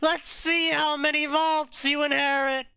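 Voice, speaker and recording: A man voicing an excitable goblin banker who gushes with over-eager servility. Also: extremely high pitch, unhurried, creaky, no room sound, voice pushed up, heavily acted. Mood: fawning.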